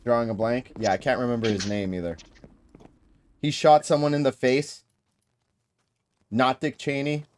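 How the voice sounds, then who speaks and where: A man with a Boston accent hosting a gaming livestream, chatting in an animated, joking way. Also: medium pitch, moderate pace, pauses often, slight background noise. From Boston area. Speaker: livestream host. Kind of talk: casual chat.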